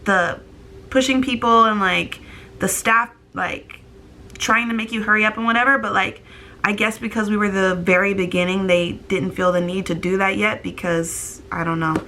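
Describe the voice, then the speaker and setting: A woman's voice: medium pitch, fairly even intonation, normal speed, pushed and bright. A young woman in her twenties telling a casual story to camera, rambling with lots of fillers and close to crying. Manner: filler-heavy, rambling, tearful. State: on the verge of tears. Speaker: vlogger.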